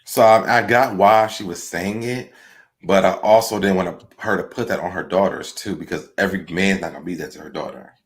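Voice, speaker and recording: A man with a very deep voice hosts a relaxed TV recap conversation. He thinks out loud, circles back on his words and drops "like" into his sentences as he goes. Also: fairly quick. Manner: talks through ideas out loud, repeating himself and adding "like" often. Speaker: host. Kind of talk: casual TV recap chat.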